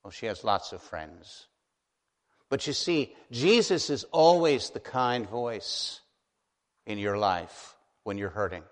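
A man preaching a sermon as a pastor, earnest and gentle, slowing down to stress key phrases. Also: fairly low pitch, lively intonation. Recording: long hall reverb.

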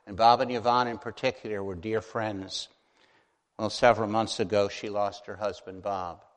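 A man preaching a sermon as a pastor, earnest and gentle, slowing down to stress key phrases. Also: lowish voice. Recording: long hall reverb.

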